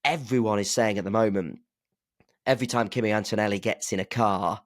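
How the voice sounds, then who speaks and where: A man's voice: on the low side, fairly even intonation, a little fast, no echo, clean studio sound. A man co-hosting a podcast, chatting casually and speculating, often restarting his sentences. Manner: chatty, self-interrupting, speculative. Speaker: podcast co-host. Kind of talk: casual chat.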